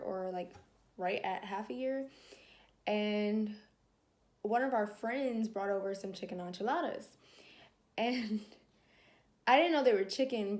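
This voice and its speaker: A young woman telling a personal story to camera in a casual vlog, animated and laughing as she acts out her own thoughts. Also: mid-range voice. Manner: animated, laughing, acting out her inner dialogue. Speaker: vlogger.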